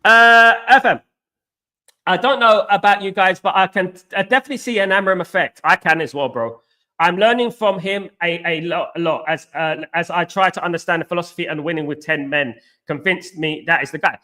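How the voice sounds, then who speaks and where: Young man, high-pitched, bright tone, hoarse, chatty live-stream host. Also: a little fast. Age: young adult. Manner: chatty, repeats phrases, greets viewers by name. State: voice going hoarse. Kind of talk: casual live-stream chat, reading viewer comments.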